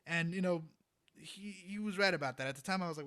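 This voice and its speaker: A young man with a somewhat high voice recounts his past as a podcast guest. His delivery is casual and animated, full of fillers and quick laughs. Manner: animated, rambling, laughs often, many "you know" fillers. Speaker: guest, freelance trumpet player. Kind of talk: casual storytelling in a podcast interview.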